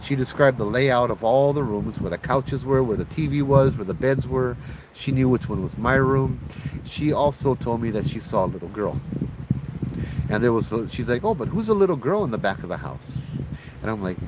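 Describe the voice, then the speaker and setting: A man's voice: mid-range voice, noisy background. A man from Hawaii telling a ghost story in a laid-back, chatty way, using slang and laughing often.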